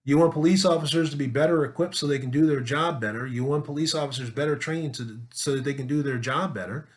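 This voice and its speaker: A man's voice: a little high, fast. A man in an opinion monologue, talking emphatically with rhetorical questions and repeated words as he builds his case. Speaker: political commentator.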